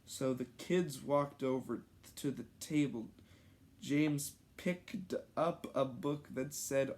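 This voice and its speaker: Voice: mid-range voice, slow, a little mellow. A reader casually reading aloud an old childhood story, amused and stumbling over the messy handwriting with joking asides. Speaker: reader of own childhood stories.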